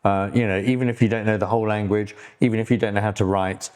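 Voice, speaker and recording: A man's voice: lowish voice, fairly even intonation, fast, darkish tone. A middle-aged British man co-hosting a podcast, talking casually with lots of fillers and restarts. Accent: British English. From Britain. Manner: rambling, many fillers and restarts. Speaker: podcast co-host. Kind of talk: casual chat.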